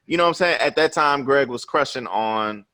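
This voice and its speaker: A man in his thirties hosts a podcast and tells a personal story in easygoing, profane chat. His pitch sits in the middle of the range, and he keeps checking in with the listener. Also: expressive, normal speed, sharp tone. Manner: profane, tags lines with "you know what I'm saying". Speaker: podcast host.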